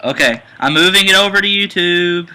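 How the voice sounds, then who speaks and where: A man's voice: high voice, brisk, clean tone, low-quality recording. A man co-hosting an online radio show, chatting casually and joking around. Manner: joking, animated. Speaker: co-host. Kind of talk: casual podcast chat.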